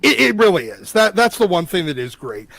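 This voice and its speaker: A man's voice: high voice, very animated, fairly quick, gravelly, fairly bright tone, no room sound. A man from the Pittsburgh area ranting emphatically in a casual live-stream chat, with profane asides. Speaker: show regular, commentator.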